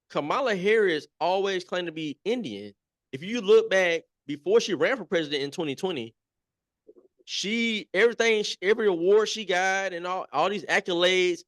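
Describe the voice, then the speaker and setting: Man, talk show guest, fairly high voice, dry close sound, emphatic, repeats himself. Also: a bit bright, no echo. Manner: emphatic, repeats points, conversational fillers. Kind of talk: casual political chat.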